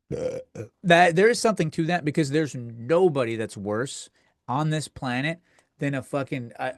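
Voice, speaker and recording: Man host for a comic rant, slightly high voice, crude and rambling, dry booth sound. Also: no room sound. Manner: crude, profane, rambling with many restarts. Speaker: podcast host. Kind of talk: comedic rant.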